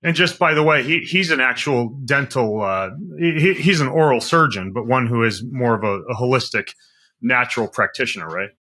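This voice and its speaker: Bright-voiced joking male podcast host. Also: mid-range voice, moderate pace. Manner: joking, rambling with fillers. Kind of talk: casual conversational interview.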